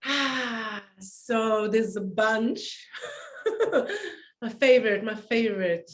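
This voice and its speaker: A woman's voice: fairly high pitch, expressive, drawn-out words. A woman interview guest who tells personal stories in a casual, emotional way and often laughs as she talks.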